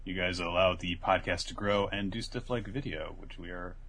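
A man's voice: low voice, normal speed, fairly bright tone, slight background noise. A man co-hosting a casual podcast, reading the outro and plugs in an easygoing way. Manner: easygoing, reads plugs with filler. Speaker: podcast co-host.

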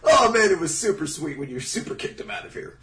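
Jokey podcast co-host, man, high and very lively, sits back off the mic. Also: quick pace, recorded from a distance. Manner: joking, rambling with many likes. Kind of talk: casual podcast chat.

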